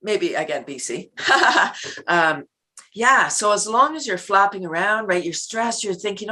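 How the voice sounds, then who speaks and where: Laughing, animated middle-aged woman. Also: mid-range voice, unhurried. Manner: animated, laughs often, acts out little scenes. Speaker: podcast guest, laughter yoga practitioner. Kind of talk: casual interview talk.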